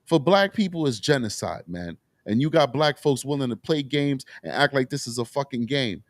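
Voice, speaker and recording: Impassioned, profane talk show host. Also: male voice, mid-range voice, animated, moderate pace, no echo. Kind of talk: heated political talk show.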